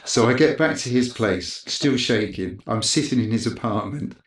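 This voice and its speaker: A man's voice: mid-range voice, normal speed. Man telling a wild story, roomy sound. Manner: animated anecdote teller, acting out others' lines. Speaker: camera operator guest. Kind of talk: casual storytelling interview. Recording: roomy echo.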